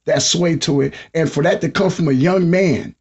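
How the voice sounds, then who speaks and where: A middle-aged man hosting a podcast, talking casually and hyping up listeners with repeated shout-outs. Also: on the high side, normal speed, breathy edge, lo-fi sound. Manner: hyped, repetitive shout-outs to the audience. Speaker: podcast host.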